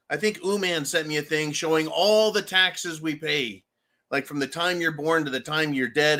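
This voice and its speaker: A man hosting a livestream commentary show, talking in a loud, ranting way and laughing often. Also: on the high side. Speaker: show host.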